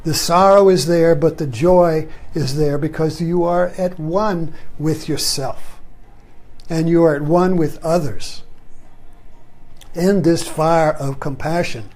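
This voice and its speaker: Guy with a highish voice doing a spiritual talk, rambly and chatty, drops way down on "you see". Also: steady tone, slow pace. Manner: repeats "you see" softly, drops low at phrase ends; rambling, conversational, with chuckles. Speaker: spiritual teacher.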